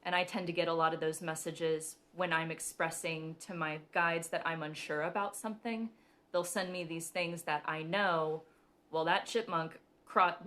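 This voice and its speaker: Casting: young woman host of a live spiritual show, low-pitched, chatty, laughs easily, lots of fillers. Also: a bit bright. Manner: chatty, giggly, many ums. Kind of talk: casual live-stream talk.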